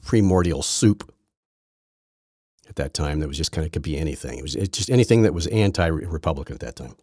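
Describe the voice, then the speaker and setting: Male podcast host, low husky voice, lively pitch, sarcastic rambling delivery. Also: brisk, no room sound, studio quality. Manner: rambling, sarcastic, frequent restarts. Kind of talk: casual political commentary.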